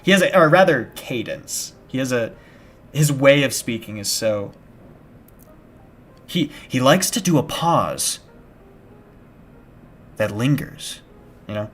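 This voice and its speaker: A young man chatting casually on a live gaming stream, rambling and restarting his sentences, with bursts of shouted panic. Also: mid-range voice, expressive, takes it slowly, long pauses. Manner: rambling and self-interrupting, with sudden shouted panic at scares. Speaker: game streamer. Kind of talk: casual live-stream chat while playing. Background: background music.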